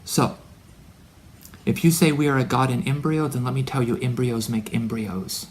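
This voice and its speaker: A man delivering a rambling spiritual monologue to his son. He is preachy and full of wordplay, and he swings from loud declarations to hushed asides. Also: mid-range voice, fairly even intonation, normal speed, slight background noise. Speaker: religious speaker addressing his son.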